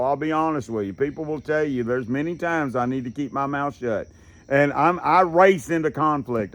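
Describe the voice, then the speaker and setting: A man, a therapist talking through anger control in a casual, folksy, conversational way, with fillers and restarts. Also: on the high side. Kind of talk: casual lecture.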